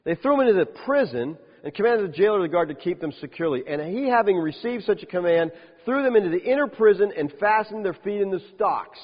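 A man preaching a sermon as a pastor, lively, with rhetorical questions and dry humorous asides. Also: high-pitched, fast, hardly any pauses. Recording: dull lo-fi sound with long reverb.

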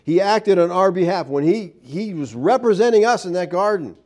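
Emphatic male preacher, mellow voice. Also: high voice, animated, normal speed. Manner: emphatic, rhetorical questions, reads scripture aloud. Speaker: pastor. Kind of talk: sermon.

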